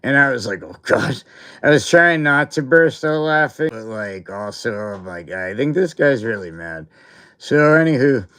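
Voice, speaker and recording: A man's voice: mid-range voice, animated, normal speed, fairly bright tone, clear, resonant tone. A man hosting a livestream, telling a story from school in a loose, rambling way, full of filler words and breaking into laughs. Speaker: livestream host. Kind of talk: casual storytelling chat.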